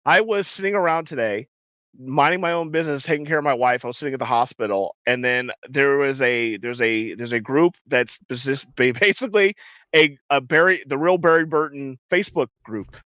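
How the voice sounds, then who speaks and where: A man's voice: medium pitch, brisk, no echo, highs cut off. A middle-aged man co-hosting a podcast, telling stories in casual chat, swearing often and acting out the voices of people in his stories. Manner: animated storyteller, swears a lot, acts out voices. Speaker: podcast co-host.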